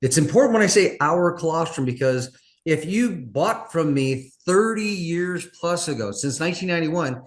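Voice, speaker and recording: A man's voice: fairly high pitch, lively intonation, normal speed. A man giving a chatty, folksy presentation as a guest scientist on a video call. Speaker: guest speaker, nutrition scientist.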